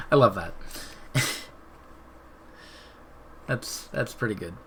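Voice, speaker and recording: A man's voice: medium pitch, noisy background. A man hosting a live stream, chatting casually and rambling with frequent laughs. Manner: laid-back, rambling, laughs often. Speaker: streamer host.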